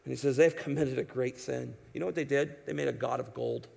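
A man's voice: mid-range voice, fairly even intonation, fairly quick, creaky, a little mellow. A man preaching an expository sermon in an emphatic, conversational way, asking his listeners rhetorical questions. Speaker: pastor.

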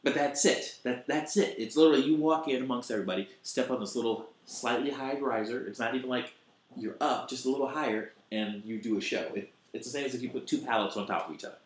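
A man hosting a podcast, telling comedy club stories in casual chat, animated and acting out quotes. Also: medium pitch, quick pace, roomy sound. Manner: animated storyteller, acts out quotes.

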